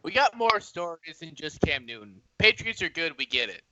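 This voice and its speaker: A man's voice: a little high, sing-song, sharp tone, muffled recording, slight background noise. A man co-hosting a podcast, chatting casually about sports and teasing his friends. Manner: teasing, quick quips. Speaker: podcast co-host.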